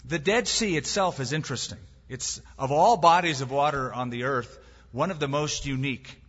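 Guy preaching a sermon, bright husky voice, big echoey hall, kinda muffled. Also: mid-range voice, normal speed. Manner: emphatic, with rhetorical questions and biblical quotes. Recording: long hall reverb, dull lo-fi sound.

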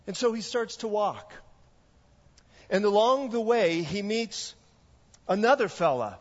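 Man preaching, high-ish voice, slow storytelling, echoey hall, dull lo-fi audio. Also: expressive. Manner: storytelling, measured. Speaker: pastor. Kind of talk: sermon.

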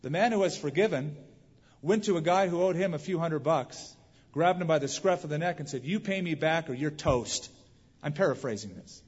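A man's voice: on the high side, brisk, breathy edge. Preacher man in an echoing hall. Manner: animated storytelling, acts out quoted voices. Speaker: pastor. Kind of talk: sermon. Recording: muffled hall recording with long reverb.

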